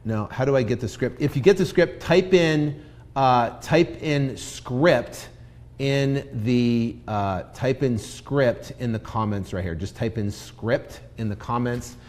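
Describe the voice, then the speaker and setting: A man's voice: medium pitch, takes it slowly. Man coaching real estate sales live. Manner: energetic, role-plays sales scripts to a seller; repeats himself, many fillers and restarts. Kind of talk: Facebook Live teaching.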